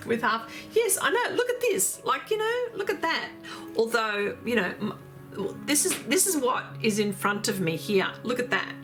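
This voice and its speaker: A woman's voice: a little high, fairly bright tone. Chatty woman hosting an art livestream. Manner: chatty, laughing, reads out viewer comments. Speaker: art livestream host reading chat. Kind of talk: casual chat.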